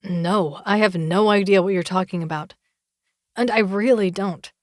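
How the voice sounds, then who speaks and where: A woman's voice: mid-range voice, moderate pace, no room sound, clean studio sound, lightly acted. A woman reading a hot-tempered young man. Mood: defensive. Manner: sarcastic, defensive.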